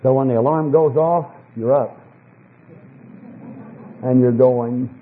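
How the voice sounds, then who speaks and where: Man, preacher, sermon, emphatic, husky voice, tinny phone-like archival recording. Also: takes it slowly. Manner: emphatic, swings between low asides and high fervent scripture reading.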